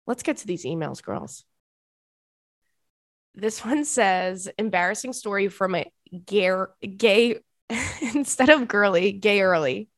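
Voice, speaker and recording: A young woman hosting a podcast, talking casually and animatedly at a middle pitch. Her voice is close and dry, with no room around it. She slips easily between relaxed chat and bursts of excited emphasis. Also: takes it slowly, long pauses, no echo. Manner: animated, bursts into high laughter and squeals. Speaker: podcast host.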